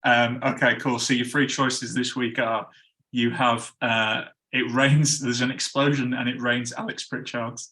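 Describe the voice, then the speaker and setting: Guy hosting a podcast, bright tone, chatty, laughs at his own flubs. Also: mid-range voice, little pitch movement, a little slow. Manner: chatty, stumbles over ad reads and laughs at himself. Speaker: podcast host. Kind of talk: casual chat.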